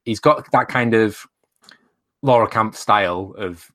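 Low-voiced man, relaxed co-host. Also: no room sound. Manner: relaxed, halting with fillers. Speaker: podcast co-host. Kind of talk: casual chat.

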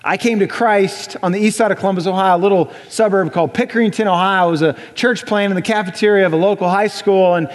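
A young adult man preaching a sermon in a church, conversational and animated, often acting out voices. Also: high-pitched, fast talker, hardly any pauses. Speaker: pastor. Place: church sanctuary. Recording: church hall reverb.

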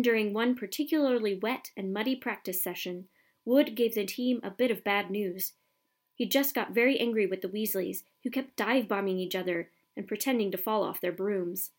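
Female audiobook narrator, steady storytelling, mid pitch. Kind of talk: scripted narration.

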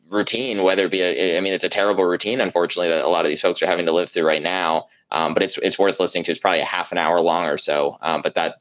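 A journalist with a very deep voice talks through his reporting as an interview guest. He speaks conversationally and haltingly, restarting his sentences. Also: fairly bright tone, rough recording.

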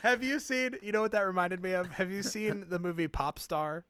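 A man's voice: sits high, moderate pace, slight background noise. A man co-hosting a podcast, chatting casually and laughing often. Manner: laughing, animated, playful. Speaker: podcast co-host. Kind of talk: casual chat.

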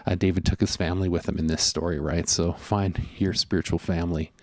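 A man's voice: low-pitched, steady tone, brisk, no room sound. A man preaching a sermon in an earnest, conversational way, often voicing inner thoughts. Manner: earnest, conversational, with fillers and voiced inner monologue. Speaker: pastor.

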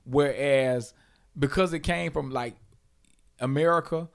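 A man in casual podcast chat, telling stories with animated swings in pitch and loudness as he gets worked up. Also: a little slow, vocal fry, smooth. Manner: animated storyteller, swings loud and high when worked up.

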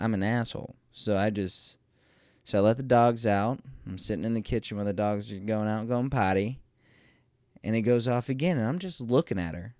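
A man's voice: on the low side, a little mellow, dry recording, clean studio sound. A man casually telling a rambling, self-deprecating story about his morning, with some swearing.

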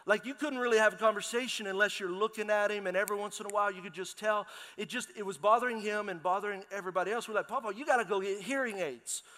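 A middle-aged man preaching a sermon as pastor, telling lively stories and calling out to his congregation. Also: high voice, fast talker, few pauses. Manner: lively storytelling, calls out to the congregation. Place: large church hall. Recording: long hall reverb in a church.

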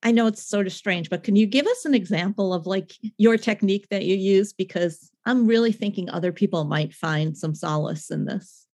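A woman's voice: medium pitch, normal speed, few pauses, darkish tone. Woman co-hosting a casual podcast. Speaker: podcast co-host.

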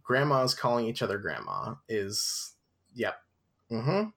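A man's voice: mid-range voice, takes it slowly, creaky. Wry laughing man reading aloud. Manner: wry, amused, laughs often, reads in a flat deadpan. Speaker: podcast co-host reading a book aloud. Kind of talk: casual chat with read-aloud passages.

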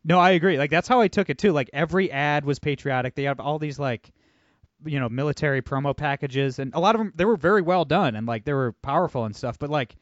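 Casual rambling podcast host, dry sound. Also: male voice, fairly high pitch, fast, no room sound, muffled recording. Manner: loose, rambling, full of fillers. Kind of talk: casual podcast chat and ad read.

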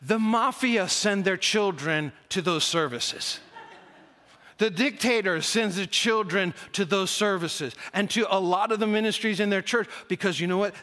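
Male pastor, high and bright, enthusiastic sermon, long church-hall reverb. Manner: enthusiastic, emphatic repetition.

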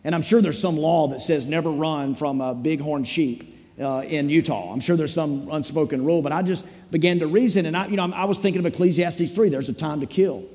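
A man preaching a sermon in a church, his voice mellow and a little higher than most men's. He tells stories in a rambling, self-deprecating, humorous way. The sound carries a long reverb of a large hall. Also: steady tone, brisk. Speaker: pastor. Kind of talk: sermon with storytelling.

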